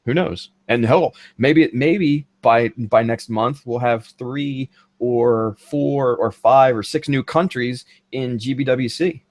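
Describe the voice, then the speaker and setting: A man hosting a casual online podcast, talking in a relaxed, rambling way with many fillers. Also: mid-range voice, takes it slowly, few pauses, no echo. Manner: laid-back, filler-heavy, friendly sign-off. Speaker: podcast host. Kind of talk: casual chat.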